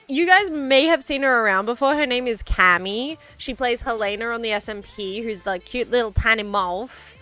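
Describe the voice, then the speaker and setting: A woman's voice: on the high side, bright, forceful tone. A young woman streamer chatting casually, rambling and giggling, with lots of fillers, over faint background music. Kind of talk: casual chat.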